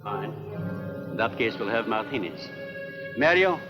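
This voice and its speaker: A man's voice: on the low side, animated, a little slow, long reverb tail, highs cut off, over music. A middle-aged actor playing an earnest older scientist and father in a 1950s film, formal and explanatory in manner. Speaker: scientist running an island lab.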